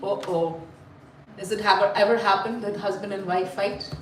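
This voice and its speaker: A woman telling a story to a group of children, animated and full of questions to her listeners, heard in an echoey room away from the mic. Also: medium pitch, fairly quick, distant mic, a crowd in the background. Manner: animated, asks the audience questions. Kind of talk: live storytelling class.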